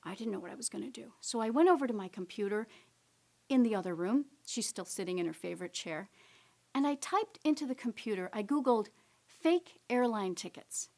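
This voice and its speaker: A middle-aged woman giving a keynote talk, telling a personal story gently and dropping to soft whispers at tender moments. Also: a little high, expressive, brisk, gravelly. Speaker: keynote speaker. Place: stage presentation.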